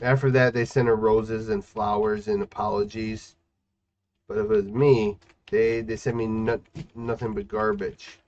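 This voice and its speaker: A man casually chatting while streaming a game, playful and teasing, with sudden loud outbursts and sing-song scatting. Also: on the low side, little pitch movement, a little slow. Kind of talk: casual gaming stream chat. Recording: muffled lo-fi stream audio.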